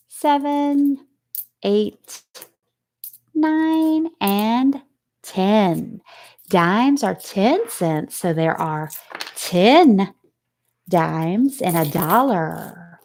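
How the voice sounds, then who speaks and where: A woman teacher walks young children through a phonics lesson, sounding out each letter at an unhurried pace. Her voice rises and falls with lively, sing-song pitch as she asks questions and praises the answers.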